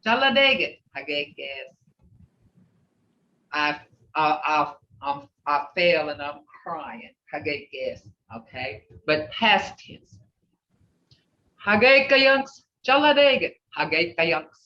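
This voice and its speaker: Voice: medium pitch, very animated, slow. A language teacher leading an online class, encouraging and patient, often saying "okay" and "you know" and laughing. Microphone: video call. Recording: echoey lo-fi video call audio from far off the mic.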